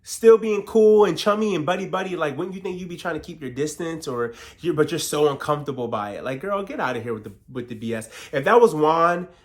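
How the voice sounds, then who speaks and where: Man, reality TV recap vlogger, casual slangy commentary, animated, acts out quotes, fairly high pitch. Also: fast talker, few pauses. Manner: animated, slangy, acts out cast members' lines.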